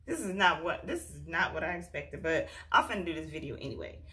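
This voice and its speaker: A woman's voice: low-pitched, animated, brisk, sharp tone. Chatty exasperated woman vlogger. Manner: exasperated, chatty, talks to viewers as "y'all". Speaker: beauty vlogger. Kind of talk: casual hair tutorial chat.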